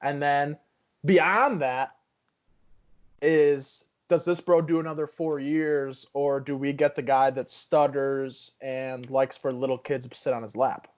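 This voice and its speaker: A man's voice: medium pitch, steady tone, slow. A man co-hosting a podcast, casually raising a topic in a rambling way with many restarts. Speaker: podcast co-host. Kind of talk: casual chat.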